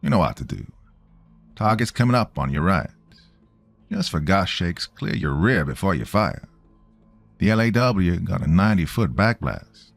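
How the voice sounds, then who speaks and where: A man's voice: low-pitched, big pitch swings, moderate pace, vocal fry, pauses often, dry recording, soft background music, exaggerated voice. A man voicing a friendly, folksy male sailor who encourages a newcomer. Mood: encouraging.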